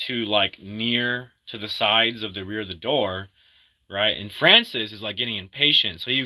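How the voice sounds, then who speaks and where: A man casually retelling a movie plot in an animated way, acting out the characters' lines and often restarting his sentences. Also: medium pitch, dry recording, low-quality recording. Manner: animated storyteller, acts out quotes, many restarts. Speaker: movie recap host. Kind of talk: casual spoken movie recap.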